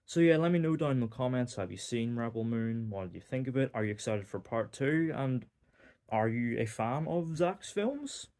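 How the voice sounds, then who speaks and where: A young man from Northern Ireland with a Northern Irish accent talks casually through a movie review. His voice is mellow and warm, at a middling pitch. He rambles with frequent fillers and dry, wry asides. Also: expressive, moderate pace. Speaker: film reviewer.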